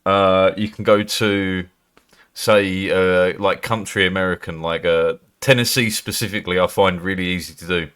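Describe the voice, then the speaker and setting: Brit streamer guy, lowish voice, swears a lot, loose chatty talk. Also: steady tone, measured pace, a bit bright, clean tone. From Britain. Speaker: livestreamer. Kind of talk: casual live-stream chat.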